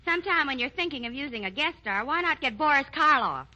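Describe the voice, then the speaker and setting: A woman's voice: sits high, animated, fast, sharp tone, low-quality recording. A woman in a 1940s radio comedy, trading dry, wisecracking comebacks with the host. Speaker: comedy sidekick.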